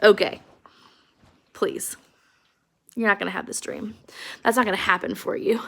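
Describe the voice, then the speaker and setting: A woman's voice: mid-range voice, steady tone, normal speed, creaky, fairly bright tone. A woman putting on a scornful, bitter ranch wife. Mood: mocking. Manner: scornful, mocking, boastful. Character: bitter, lonely young wife of a ranch boss.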